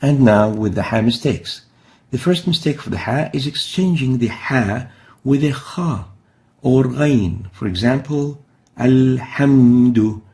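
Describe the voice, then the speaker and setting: A man's voice: mid-range voice, lively intonation, unhurried, a little mellow. A man teaching a recorded recitation lesson, explaining each pronunciation mistake step by step and then sounding out the Arabic letters himself.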